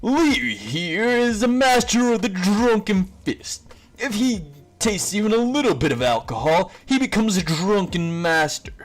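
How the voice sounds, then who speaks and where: A man voicing a loud, boastful male martial arts teacher with a theatrical, excitable delivery in a fan-made story. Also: high-pitched, a little slow, voice pushed up.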